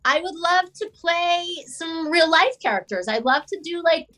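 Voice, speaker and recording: A woman's voice: extremely high pitch, animated, normal speed, a bit bright, low-quality recording. A woman actress, a guest in an interview, talking casually with lots of fillers and restarts over a video call. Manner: chatty, many fillers and restarts.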